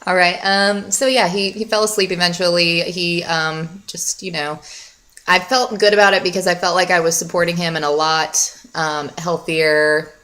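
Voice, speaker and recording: A woman's voice: fairly low pitch, steady tone, moderate pace, pushed and bright. A young woman chatting casually to camera as a mom vlogger, rambling with many fillers.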